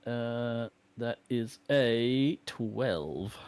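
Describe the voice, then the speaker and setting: A man's voice: medium pitch, animated, extremely slow, darkish tone, clean tone. A man playing a tabletop game, stating his character's actions matter-of-factly. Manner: matter-of-fact, describes actions. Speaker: player.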